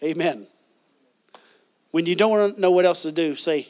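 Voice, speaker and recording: A man's voice: on the high side, unhurried, darkish tone. A man preaching a sermon as pastor, reading scripture and asking the congregation questions, with frequent restarts.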